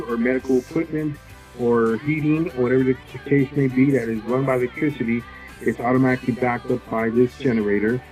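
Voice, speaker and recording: Halting man with many fillers. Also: medium pitch, a little mellow, low-quality recording. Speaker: solar sales representative. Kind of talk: casual interview talk.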